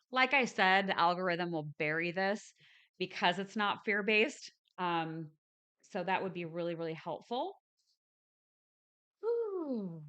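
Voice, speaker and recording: Bright, clear-voiced woman chatting live. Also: medium pitch. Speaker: host of a spiritual live stream. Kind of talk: casual live stream chat.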